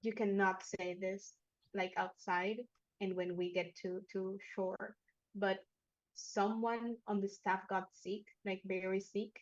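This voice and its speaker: A woman's voice: mid-range voice, flat delivery, slow, no room sound, lo-fi sound, lightly acted. A woman voicing a nervous young male cruise staff member who stammers and rambles. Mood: flustered.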